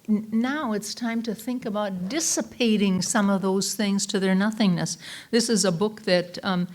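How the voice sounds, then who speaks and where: A woman's voice: mid-range voice, fairly bright tone. A woman reverend giving a Sunday talk sermon, telling folksy personal anecdotes in a chatty way with frequent fillers and restarts.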